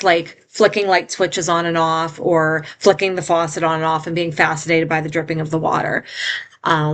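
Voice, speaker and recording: A woman's voice: on the low side, a bit bright. A middle-aged woman telling a painful personal story as an interview guest, in an earnest, heartfelt way.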